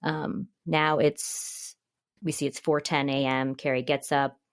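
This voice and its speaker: Woman podcast host recapping a show, low gravelly voice, chatty, laughs a lot. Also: little pitch movement, slow pace, slight background noise. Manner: reads quotes from notes, chatty, laughs often. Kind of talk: casual chat, recapping a TV episode.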